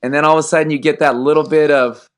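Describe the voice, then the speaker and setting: A man in his thirties, a podcast host and high school football coach, chatting casually and acting out dialogue as he tells stories. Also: fairly even intonation, fast. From Texas. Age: 30s. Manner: storytelling, acts out dialogue, laughs while telling.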